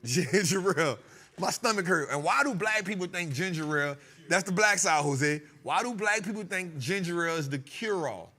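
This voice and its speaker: A man's voice: high-pitched, fairly quick, hardly any pauses. A male host talking stocks in a loose, joking way, laughing and teasing his crew. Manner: animated, joking, laughing often. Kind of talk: comedic finance talk show.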